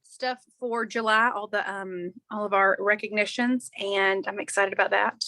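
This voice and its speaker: A woman's voice: medium pitch, fairly even intonation, moderate pace, pushed and bright, no room sound. A woman on a video call, speaking in an upbeat, encouraging way to her team. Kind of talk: casual chat on a video call.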